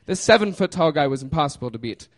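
A man's voice: on the high side, animated, fast. A man casually telling a personal story, laughing often and trailing off with fillers.

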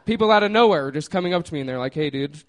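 A man's voice: high voice, animated, racing. A man casually telling a personal story, laughing often and trailing off with fillers.

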